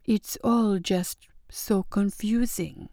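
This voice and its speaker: A woman voicing a sly young countess who speaks slowly with mock-polite innocence. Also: mid-range voice, dark tone, dry recording, clean studio sound. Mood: mock innocent.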